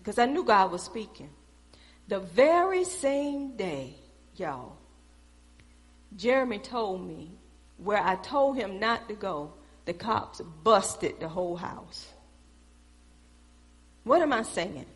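A middle-aged woman telling a preached testimony, speaking in an animated storytelling way and calling out to her audience. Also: medium pitch, slow, long pauses.

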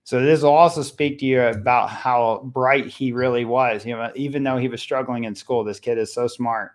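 A middle-aged man, a parenting coach appearing as a podcast guest, speaking conversationally and telling a family story with animated voices for each character. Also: medium pitch, moderate pace. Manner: animated, acts out voices in his stories.

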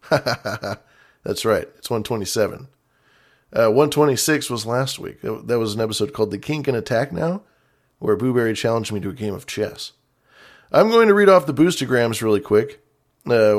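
A man's voice: mid-range voice, expressive, brisk. A man hosting a casual call-in show, playful and mock-dramatic, repeating lines for effect. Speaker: radio show host.

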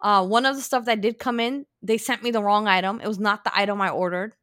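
A woman telling a story in casual chat, animated and acting out both sides. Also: mid-range voice, quick pace, dry recording, clean studio sound. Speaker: podcast co-host.

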